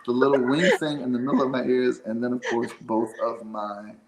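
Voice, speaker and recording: A man's voice: medium pitch, fairly even intonation, normal speed, roomy sound, very noisy. A man chatting casually as a guest, rambling with lots of fillers and restarts. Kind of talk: casual chat.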